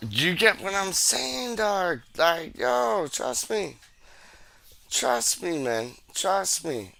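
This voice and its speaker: A man's voice: high voice, big pitch swings, drawn-out words, vocal fry, crowd noise. A man chatting casually on a football podcast, full of slang and repeated fillers. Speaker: podcast co-host. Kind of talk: casual chat.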